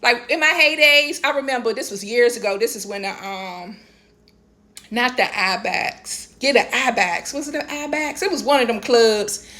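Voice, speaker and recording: A fairly high-voiced woman with a D.C. rants through a personal story to her camera. She is blunt and emphatic, full of slang, and her voice shoots up in pitch whenever she is fed up. She sounds middle-aged. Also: moderate pace. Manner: animated and emphatic, voice leaps high when exasperated; blunt, slangy, repeats "this, that, and the third". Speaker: vlogger. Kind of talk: casual storytelling rant.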